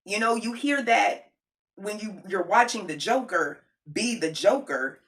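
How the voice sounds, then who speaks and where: Animated woman chatting to camera. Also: medium pitch, a little slow. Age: adult with a child. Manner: animated, emphatic, repeats points for effect; slangy, conversational, addresses viewers directly. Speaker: video creator reviewing a film. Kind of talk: casual chat to camera.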